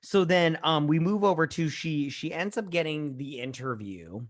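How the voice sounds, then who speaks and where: A woman co-hosting a casual, drunk movie-review podcast, retelling scenes in a profane, animated way with acted-out asides. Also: deep voice, moderate pace. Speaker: podcast co-host.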